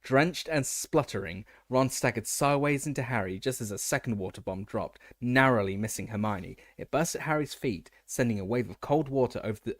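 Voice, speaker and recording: A man's voice: mid-range voice, dry recording, studio quality. A man reading a fantasy novel aloud as an audiobook narrator, often stumbling and restarting words.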